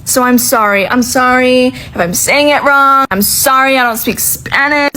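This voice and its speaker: A high-voiced woman talks straight to camera in a casual vlog rant. Her tone is exasperated and profane. She keeps breaking into sudden loud outbursts. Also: a little slow, hardly any pauses, poor audio. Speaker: social media creator.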